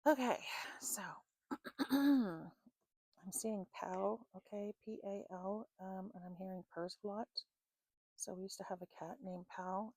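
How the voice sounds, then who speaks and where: A woman with a warm, mellow voice gives an intuitive psychic reading to her viewers. She speaks unhurriedly, fills pauses with "um", and keeps checking in with "okay?". The sound is dry and close, with no room echo. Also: medium pitch, fairly even intonation. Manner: unhurried, many fillers and "okay?" check-ins. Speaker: psychic reader.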